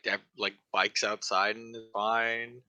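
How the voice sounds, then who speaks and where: A man's voice: fairly low pitch, little pitch movement, measured pace, bright, forceful tone, no room sound. A man playing in a tabletop game, blunt and laid back, swearing casually. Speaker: player.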